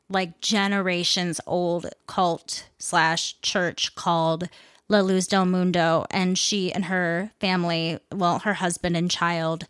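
A woman's voice: mid-range voice, a bit bright, no room sound, studio quality. A woman hosting her own news podcast, talking candidly and casually and swearing now and then. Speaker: podcast host. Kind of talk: casual solo podcast monologue.

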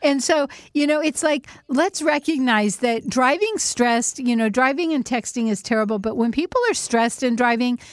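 A middle-aged woman hosting a casual chat, animated and laughing often as she acts out little quotes. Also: on the high side, normal speed, hardly any pauses, no echo, studio quality. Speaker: host.

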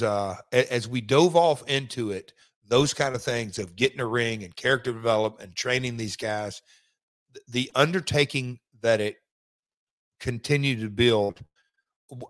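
A man recalls his work as an interview guest, rambling casually through asides and restarts. His voice sits at a middle pitch. The sound is dry, with no room around it. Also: normal speed, a bit bright, dry recording. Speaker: wrestling executive guest.

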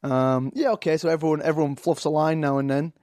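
English man, podcast guest, slightly high voice, halting with ums, dry close mic. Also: steady tone, a little mellow, no echo. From England. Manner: hesitant, lots of fillers and restarts. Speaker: actor guest. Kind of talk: casual podcast interview.

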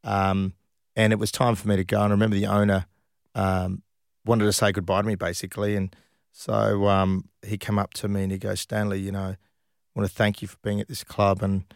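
Brief: chatty ex-footballer, lowish pitch, dry close recording, easygoing storyteller. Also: male voice, completely flat delivery, brisk, gravelly, no echo. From Australia. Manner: chatty, laughs while telling stories. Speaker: former professional footballer, guest. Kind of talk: casual interview storytelling.

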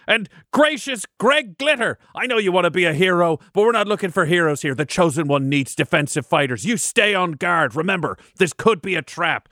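Give me a man voicing a commanding woman who leads the were-folk, bossy and rallying, with a slightly high voice. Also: lively intonation, fairly quick, hardly any pauses, bright, forceful tone, no room sound, clean studio sound. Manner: rallying, bossy pep talk.

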